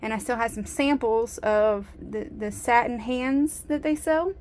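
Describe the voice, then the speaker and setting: A woman with a somewhat high voice talks casually to her viewers while she works at home. She thinks out loud, breaks off mid-thought and picks the thread back up in an easy, chatty way. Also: a little slow, slight background noise, low-quality recording. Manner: chatty, thinks aloud, self-interrupting. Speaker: resin artist vlogger. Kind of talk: casual chat while working.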